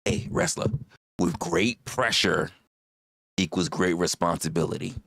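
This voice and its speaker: A man's voice: deep voice, measured pace, creaky, fairly bright tone, no room sound, clean studio sound. A man hosting a livestream, talking casually in a rambling, profane way and repeating his phrases. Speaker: livestream host.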